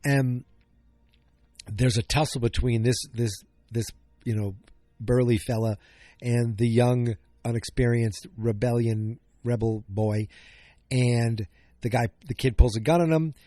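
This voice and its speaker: This podcast host, a man, goes over an episode in a relaxed, meandering way, catching his own mistakes and joking as he talks. He has a medium-pitched, steady, warm voice and an unhurried delivery, captured in a dry recording.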